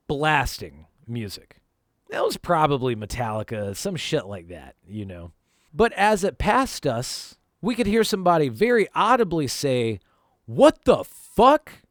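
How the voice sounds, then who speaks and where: A man's voice: fairly high pitch, no echo, studio quality. A man from North Carolina, a vlog host telling a personal story in a casual, profane, conversational way.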